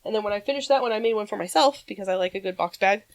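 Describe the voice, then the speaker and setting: A woman co-hosting a podcast chats casually and rambles through her stories with plenty of pauses. Her voice sits at an ordinary middle pitch. The sound is dry and close on a podcast mic. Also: dry recording. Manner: chatty, rambling, frequent "um" pauses. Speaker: podcast co-host. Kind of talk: casual chat.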